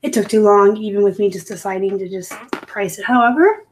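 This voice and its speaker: A woman's voice: medium pitch, fairly quick, slight background noise. A woman from the West Coast hosting a casual live stream, chatty and rambling, with her voice sometimes rising at the ends of phrases. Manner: chatty and rambling, upspeak at times. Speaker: live show host and reseller.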